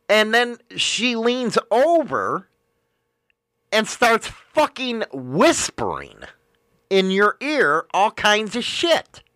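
A man's voice: sits high, bright, forceful tone, dry recording, clean studio sound. A man hosting a show, telling a crude, profane story in a rambling, casual way.

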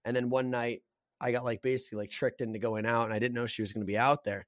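A young man co-hosting a podcast, telling stories in a blunt, profane, animated way. His voice is mid-pitched and ordinary. The recording is dry and close, with no room echo. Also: fast talker. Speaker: podcast co-host. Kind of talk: casual chat.

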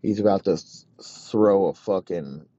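A man telling a crude, rambling comedic story in a profane, deadpan way. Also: deep voice, measured pace, no echo. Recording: dull lo-fi recording.

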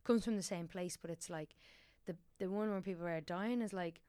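A woman's voice: on the low side, moderate pace, mellow, smooth, no echo, clean studio sound. A young Irish woman chatting casually as a podcast guest, rambling with many fillers and restarts.

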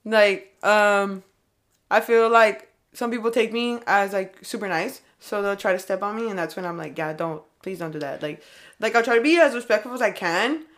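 A woman's voice: medium pitch, moderate pace. A young woman from California with a Californian accent, chatting casually and rambling with lots of "like" as she tells stories. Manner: rambling, heavy use of "like", animated storytelling. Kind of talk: casual chat.

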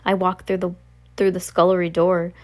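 A woman's voice: on the low side, flat delivery, normal speed, lightly acted. A woman reading as sad whispering ghost children. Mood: mournful. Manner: hushed, wistful, old-fashioned speech.

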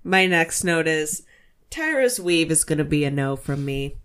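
A woman co-hosting a podcast, casually recapping a TV show with wry, quick comments. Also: low voice, animated, very noisy. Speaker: podcast co-host.

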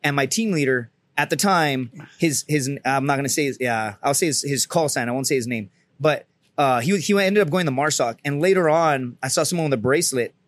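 A former Marine sniper telling rambling, profane war stories in casual chat, full of restarts. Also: male voice, mid-range voice, fairly quick. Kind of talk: casual storytelling.

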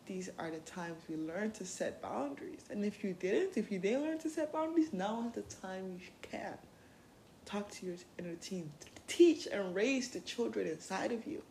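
A woman's voice: medium pitch, expressive, normal speed, creaky, darkish tone, a little hiss or hum. A woman hosting a podcast, giving casual self-help talk in a blunt, profane and playful way. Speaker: podcast host.

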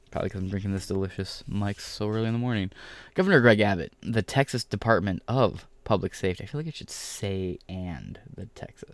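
A man's voice: lowish voice, no room sound. A young man ranting through sarcastic, profane political commentary and reading a press release aloud.

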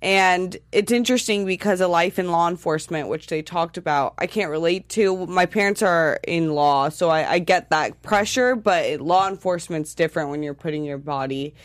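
Woman podcast co-host, lowish voice, dry close sound, casual and animated. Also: normal speed, hardly any pauses, no room sound. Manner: chatty, animated, laughs often. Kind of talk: casual chat recapping a show.

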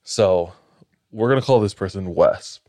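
Low, slow-talking man telling a tale. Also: warm tone, no echo, clean studio sound. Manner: measured, suspenseful narration. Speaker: podcast host, storyteller. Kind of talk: casual storytelling.

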